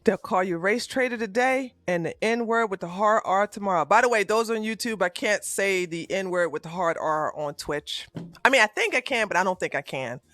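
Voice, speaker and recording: A woman's voice: medium pitch, expressive, moderate pace, a bit bright, dry recording. A woman streamer giving heated live-stream commentary in a profane, fiery rant, recorded at a home streaming setup.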